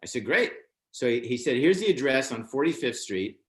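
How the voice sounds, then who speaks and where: At a moderate pace, an older American man tells an interviewer an anecdote about his beginnings in stand-up. He's animated and acts out others' lines in a raised voice. The room lends an echo to the recording.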